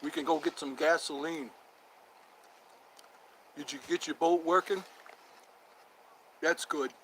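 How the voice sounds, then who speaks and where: A man talking casually on his own vlog, with a voice sitting somewhat high for a man. He jokes around, slips into a mock tough-guy delivery and laughs at his own lines, over a faint hiss behind him. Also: fairly even intonation, slow. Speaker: vlogger.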